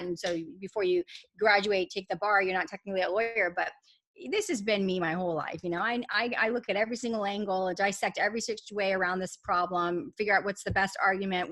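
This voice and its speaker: A middle-aged woman, a tax lawyer, talking emphatically in an interview, in quick runs full of fillers. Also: mid-range voice, fairly bright tone. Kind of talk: casual interview talk.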